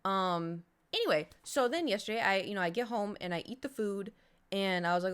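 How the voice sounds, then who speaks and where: Animated woman telling a story. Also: medium pitch, fairly quick, smooth. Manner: animated, acts out her own reactions. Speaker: streamer. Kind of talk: casual storytelling to chat.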